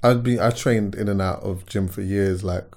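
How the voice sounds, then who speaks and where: A man's voice: deep voice, steady tone, darkish tone. Reflective man hosting a podcast. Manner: reflective, halting, with casual slang. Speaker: podcast host. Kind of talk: casual podcast conversation.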